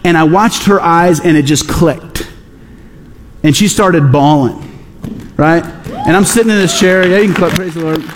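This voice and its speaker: A man's voice: a little high, a little slow, a faint crowd, slight background noise. A middle-aged man preaching a sermon as a pastor, conversational, acting out the voices he quotes. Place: church sanctuary. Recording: long hall reverb.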